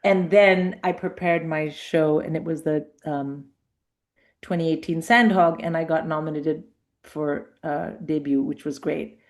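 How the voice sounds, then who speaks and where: In an informal interview, a middle-aged female comedian speaks in a low, unhurried voice. She tells spirited anecdotes as a guest and dramatizes the dialogue within them.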